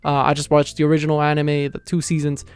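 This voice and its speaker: A man's voice: a little high, completely flat delivery, quick pace, a little mellow, clear, resonant tone, dry recording. A man recapping and reviewing an anime episode in a chatty, casual way, acting out the characters' lines as he retells the scenes.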